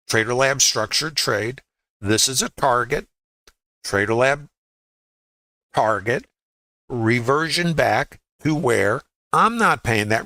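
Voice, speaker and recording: A man's voice: medium pitch, sharp tone, dry recording. A man leading a live trading lesson, walking through charts in a conversational way and asking viewers rhetorical questions. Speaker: trading educator. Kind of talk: live trading webinar walkthrough.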